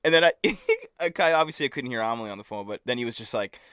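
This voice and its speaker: A man's voice: medium pitch, racing, clear, resonant tone, no room sound, clean studio sound. A man co-hosting a podcast, animatedly retelling a story, swearing and acting out what others said. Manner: animated, swears, acts out quotes. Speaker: podcast co-host. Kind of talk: casual storytelling.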